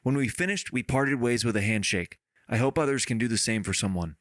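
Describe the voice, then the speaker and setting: A man's voice: mid-range voice, fairly quick, no room sound, studio quality, natural voice. A man reading out a listener's letter in the voice of an earnest male writer.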